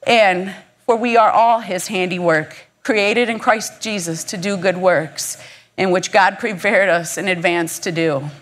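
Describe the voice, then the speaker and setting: A woman's voice: on the low side, fairly even intonation, measured pace, fairly bright tone. A woman from Michigan giving a heartfelt, encouraging inspirational faith talk at a conference, speaking conversationally. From Michigan, USA.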